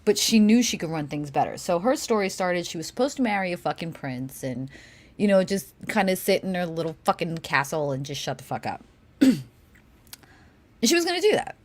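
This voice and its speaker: A woman co-hosts a casual livestream Q&A in a lowish voice that swings widely in pitch. She is animated and brash, laughing often and swearing freely. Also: fairly quick. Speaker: co-host of a Q&A stream.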